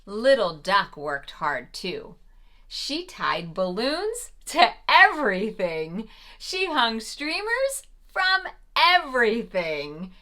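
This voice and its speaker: A woman hosting a preschool show, reading a picture book aloud in a gentle, sing-song and encouraging way. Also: a little high, very animated, slow pace. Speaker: preschool storyteller host.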